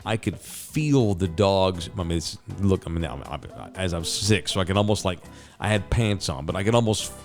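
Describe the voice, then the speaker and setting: A man's voice: low voice, normal speed, soft background music. A middle-aged man telling a story as a host, casual, rambling and profane, with sound effects.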